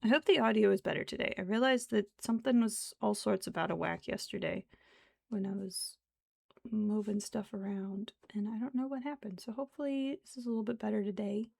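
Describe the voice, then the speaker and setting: A young woman streamer chatting casually while she crochets, rambling along with soft laughs and half-whispered asides. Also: medium pitch, brisk, creaky. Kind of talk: casual chat while crafting.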